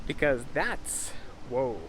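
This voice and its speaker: A man's voice: medium pitch, expressive, slow pace, fairly bright tone, slight background noise. A young American man from California, chatting casually in a vlog with a laid-back, rambling way of talking. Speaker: vlogger.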